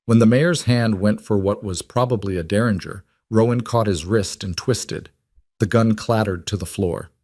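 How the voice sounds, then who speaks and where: A man narrating a western story in a measured, dramatic way. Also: fairly low pitch, darkish tone, dry recording, studio quality. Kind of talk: scripted narration.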